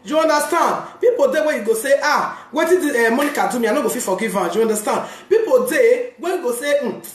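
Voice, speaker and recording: High-voiced Nigerian woman vlogging casually. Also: echoey room. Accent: Nigerian Pidgin. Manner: animated, repeats "you understand?", laughs often. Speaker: vlogger, mother of three. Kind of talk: casual talk to camera on forgiveness.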